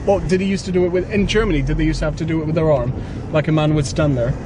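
A man rambles through a casual vlog from the driver's seat, correcting himself and chuckling between fillers. His voice sits a touch high for a man. Clear car and traffic noise runs underneath. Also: steady tone, racing. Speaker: vlogger. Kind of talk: casual chat while driving. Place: inside a car in town traffic.

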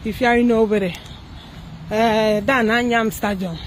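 A young woman with a Nigerian accent talks in a fairly high voice, her tone dripping with sarcasm. She peppers a satirical commentary vlog with mocking rhetorical questions, with a faint hum of background noise. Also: steady tone, normal speed, poor audio. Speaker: celebrity gossip vlogger.

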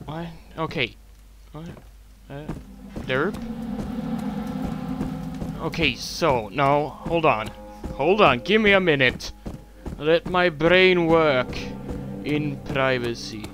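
A young man commenting to himself while playing a horror game, joking and swearing between jumpy moments. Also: medium pitch. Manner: talks to himself, swears, jokes, screams at scares. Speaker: gameplay commentator. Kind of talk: horror let's play commentary. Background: game music.

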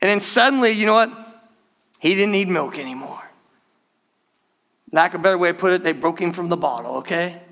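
A middle-aged man preaching a sermon, retelling a story with lively asides and calling out to the congregation as "church". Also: high-pitched, brisk, long pauses. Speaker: pastor.

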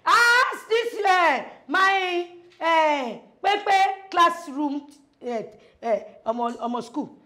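A woman's voice: very high-pitched, lively intonation, very slow. A woman with a Nigerian accent, acting a defiant, bickering teacher in a comedy skit, mixing pidgin and Yoruba. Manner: loud, defiant, laughing, bickering. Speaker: comic playing a job-seeking biology teacher.

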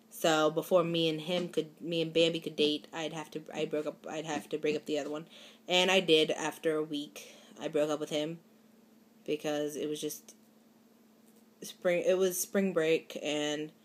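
Giggly young woman chatting to camera. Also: deep voice. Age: young adult. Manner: rambling, giggly, many fillers and restarts. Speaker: vlogger. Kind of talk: casual chat to camera.

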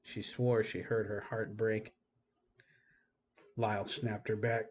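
A man, the author, reading his own novel aloud in steady audiobook narration. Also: fairly low pitch, slow pace, lo-fi sound, slight background noise.

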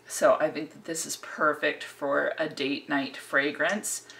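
A woman's voice: low voice, little pitch movement, measured pace, gravelly, a bit bright. A woman giving a casual, chatty, enthusiastic perfume review that rambles. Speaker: fragrance reviewer.

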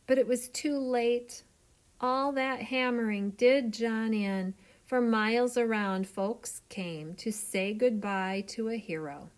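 Storyteller: woman, slow and expressive children's book reading. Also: a little high.

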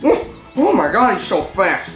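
A high, whiny little boy who is dim and bratty, his voice leaping wildly up and down as he babbles excitably. The voice rings in an echoey room with music playing behind it. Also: unhurried, full character voice. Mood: babbling.

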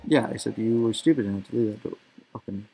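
Teasing man, lowish voice. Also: fast talker, creaky, over loud music, rough recording. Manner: teasing, laughs often. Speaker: co-host watching a game. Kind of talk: casual let's-play chat.

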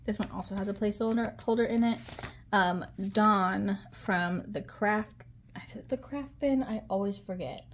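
A woman talking casually to viewers while she counts money out loud, chatty and with frequent ums. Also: mid-range voice, moderate pace, a little hiss or hum. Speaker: budgeting vlogger.

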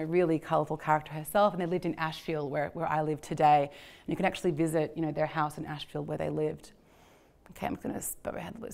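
Woman lecturing casually, low voice. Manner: conversational, many fillers and repeats. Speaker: history lecturer. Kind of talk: illustrated public lecture. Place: lecture venue.

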